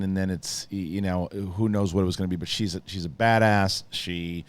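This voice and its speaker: Male TV reviewer and host, slightly low voice, chatty, excited, talks in loose restarts and asides. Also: normal speed, few pauses, smooth. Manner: rambling, lots of restarts and asides, enthusiastic. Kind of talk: casual spoiler review monologue.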